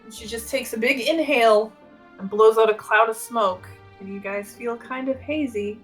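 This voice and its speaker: Casual woman game master, slightly high voice. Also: moderate pace, faint music behind. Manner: casual, filler-heavy narration. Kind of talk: narrating a tabletop game.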